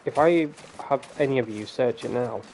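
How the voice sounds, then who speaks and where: A man's voice: mid-range voice, moderate pace, a little mellow, a little hiss or hum. A man hosting casual gameplay commentary, rambling and ranting and swearing freely. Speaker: gaming channel host.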